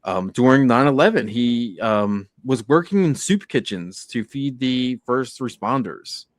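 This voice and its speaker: A man's voice: mid-range voice, expressive, measured pace, no echo, clean studio sound. A man co-hosting a casual podcast, telling heartfelt stories and acting out quoted lines. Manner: earnest storytelling, acts out quotes. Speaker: podcast co-host.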